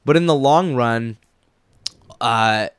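A man's voice: mid-range voice, slow, smooth, no echo. A man in casual podcast chat, rambling with many fillers and restarts.

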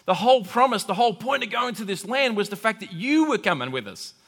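Male preacher, bright high voice, chatty and lively, big reverberant hall. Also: quick pace, breathy edge. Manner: animated, conversational, acts out quoted voices. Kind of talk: sermon.

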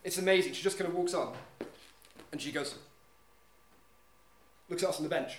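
A man tells a story on stage with a fairly high voice and an animated delivery, acting out the scenes with sound effects. The room is echoey. There is light noise in the background. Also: moderate pace. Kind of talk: live storytelling. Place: live event venue.

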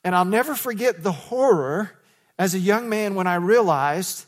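High-voiced man preaching conversationally. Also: expressive, normal speed. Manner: conversational storytelling preaching with rhetorical questions. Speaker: pastor. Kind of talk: sermon.

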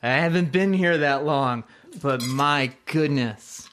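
A man's voice: a little high, takes it slowly, a bit bright, clean tone. A man as a guest in a casual chat, giving dry, brief replies.

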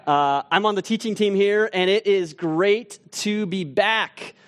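A man on a church teaching team, telling a vivid story in a casual sermon with restarts and asides, sinking to a hush at tense moments. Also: high voice, measured pace.

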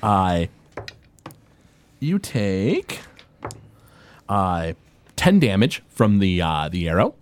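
A man's voice: deep voice, very animated, drawn-out words, pauses often, a little hiss or hum. A man narrating as game master of a tabletop game, loose and chuckling, with frequent hesitations.

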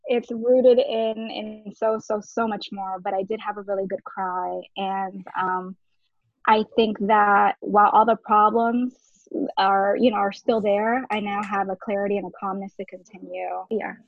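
A woman in casual conversation, speaking earnestly, laughing often and trailing off softly. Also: medium pitch, steady tone, normal speed, no echo. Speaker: writer and guest. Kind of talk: casual chat. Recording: dry, dull lo-fi sound.

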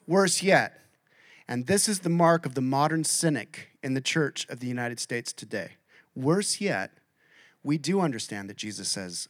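A man preaching a sermon, acting out quoted voices and swinging between loud and soft. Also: mid-range voice, expressive, moderate pace, no room sound, studio quality. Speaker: pastor.

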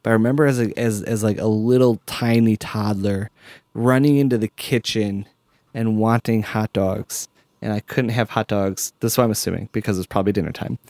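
A man hosting a podcast in casual chat, animated, with many fillers and frequent laughter. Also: lowish voice, a little fast, no echo, studio quality. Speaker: podcast host.

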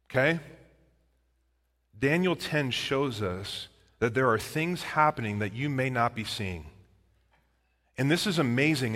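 A man's voice: mid-range voice, a bit bright. A man preaching a sermon, earnestly explaining scripture and asking his listeners direct questions. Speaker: pastor. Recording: long hall reverb.

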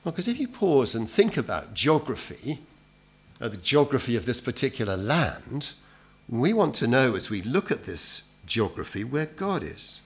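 A man walks his congregation through a Bible passage in a relaxed, conversational sermon. His pitch sits in an ordinary middle range, and he keeps turning to the listeners with rhetorical questions. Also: normal speed, husky. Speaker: preacher. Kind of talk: expository sermon.

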